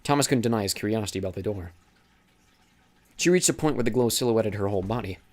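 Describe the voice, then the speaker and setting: A man narrating an audiobook in a steady, dramatic reading style. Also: fairly low pitch, quick pace. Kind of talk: scripted narration.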